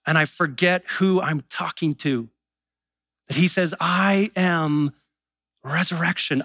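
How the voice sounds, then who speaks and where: A man preaching with a bright, forceful tone and a slightly raised pitch. His delivery is conversational, slipping into quick voiced asides for people's doubts. The sound is close and dry. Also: dry recording. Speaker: pastor. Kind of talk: sermon.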